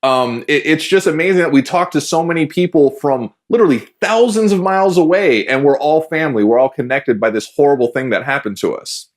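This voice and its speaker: A man's voice: a little high, fairly quick, hardly any pauses. A man hosting a podcast in casual chat, laughing often and stammering on restarts. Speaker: podcast host.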